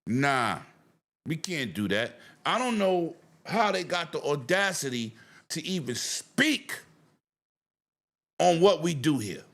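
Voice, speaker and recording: A man's voice: fairly high pitch, very animated, slow, fairly bright tone. A man hosting a casual gaming livestream, ranting with profanity and greeting viewers in chat. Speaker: livestream host.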